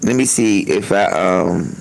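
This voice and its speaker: A man's voice: low-pitched, a little slow, creaky, slight background noise, low-quality recording. A man hosting a livestream, telling a story in a loose, profane, chatty way, laughing often, into a phone. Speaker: livestream host.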